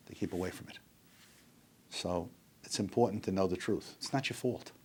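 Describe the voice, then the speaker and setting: A man's voice: deep voice, normal speed, darkish tone, slightly rough. An older man speaking on addiction recovery in an earnest, emphatic lecture that repeats its points.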